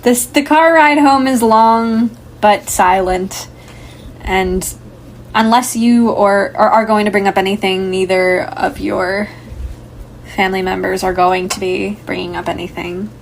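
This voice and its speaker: Young woman as game master, meandering narration, average pitch, slight background noise. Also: fairly even intonation, a little slow, gravelly, rough recording. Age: young adult. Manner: rambling, many fillers.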